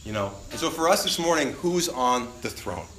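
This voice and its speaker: A young adult man preaching a sermon as a pastor, animated and acting out the voices of people he quotes. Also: mid-range voice, normal speed. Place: church sanctuary. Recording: roomy church recording.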